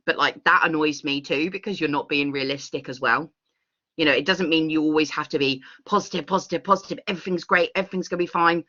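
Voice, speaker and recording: A bright-voiced woman answers questions in an online workshop, talking with eager, rambling enthusiasm. The video call audio sounds muffled and dull. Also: low-pitched. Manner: enthusiastic, rambling, laughs often. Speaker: workshop facilitator.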